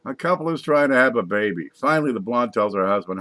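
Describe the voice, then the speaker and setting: A man's voice: medium pitch, lively intonation, brisk, hardly any pauses, fairly bright tone, no room sound. A man casually reading jokes aloud, laughing at his own punchlines and adding wry asides. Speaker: comedy joke reader.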